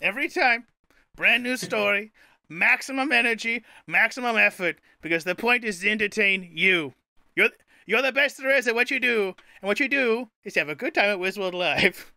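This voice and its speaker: A man's voice: high voice, normal speed, vocal fry, pushed and bright, no echo. A male host telling an improvised comic story in a theatrical, grandiose and playful way. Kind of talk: improvised comedic storytelling on a live stream.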